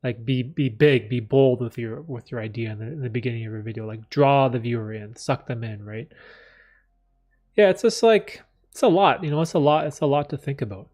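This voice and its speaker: A man hosting a live stream, chatting candidly in a rambling, reflective way with many fillers, often clearing his throat. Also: mid-range voice, a little fast, a little mellow. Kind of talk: casual live stream chat, reading chat.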